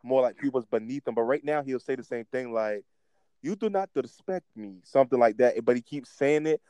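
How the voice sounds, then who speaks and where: A young man chatting casually about wrestling. His voice is mellow and dark, and it sits dry and close to the mic. He rambles and restarts his sentences in an animated way. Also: mid-range voice, brisk, clear, resonant tone, dry recording, poor audio. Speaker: podcast co-host.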